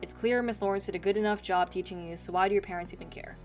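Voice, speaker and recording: A woman's voice: medium pitch, fairly even intonation, quick pace, darkish tone, soft background music, natural voice. A woman voicing a protective, insistent young woman in a visual novel, reading her lines earnestly.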